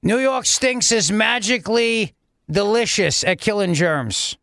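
A radio host mocking a smug, boastful middle-aged male governor, in a slow, self-satisfied voice. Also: high voice, lively intonation, pushed and bright, full character voice.

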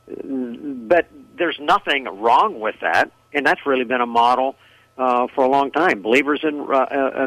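A man's voice: medium pitch, pushed and bright, dry recording, low-quality recording. A man, a pastor interviewed as a guest on radio, answering thoughtfully with frequent ums, uhs and restarts.

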